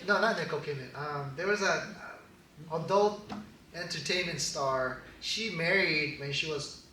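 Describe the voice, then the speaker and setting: Animated joking pastor in an echoey hall. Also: male voice, sits high, slight background noise. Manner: animated, laughing, joking asides. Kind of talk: casual sermon. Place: church hall. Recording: echoey hall, distant mic.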